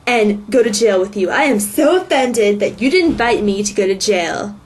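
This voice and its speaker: A woman's voice: mid-range voice, animated, moderate pace, darkish tone, close to an everyday voice. Whiny melodramatic young guy, as a woman mocks him. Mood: mocking. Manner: sarcastic mocking imitation. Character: whiny melodramatic young man, self-pitying.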